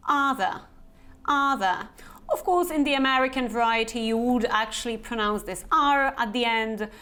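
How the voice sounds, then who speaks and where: A woman's voice: on the high side, a bit bright. A young woman with a Polish accent teaching English pronunciation, speaking carefully and repeating each word so learners can copy it. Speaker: Business English trainer. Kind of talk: pronunciation lesson to camera.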